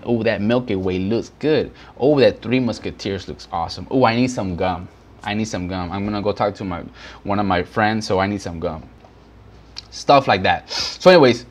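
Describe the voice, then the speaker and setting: A man from Houston, Texas, explaining business basics to his viewers in a loose, rambling way, full of fillers and restarts, often calling them guys. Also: mid-range voice. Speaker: business vlogger. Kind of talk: casual teaching monologue. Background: background noise.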